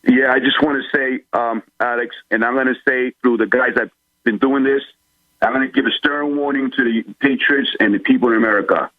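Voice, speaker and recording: A man's voice: medium pitch, steady tone, brisk, dry recording. Man, caller, phone line sound, dry, urgent and blunt. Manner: urgent, warning, plain-spoken. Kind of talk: call-in talk radio.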